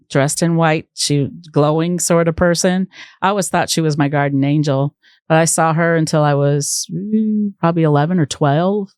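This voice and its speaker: A woman with a deep, smooth voice, low for a woman, telling personal stories as a podcast guest. She speaks calmly and reflectively, pausing to think. The mic is close and the sound dry. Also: no echo. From New England. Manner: calm, reflective, hesitant pauses. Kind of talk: personal storytelling in conversation. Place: podcast studio.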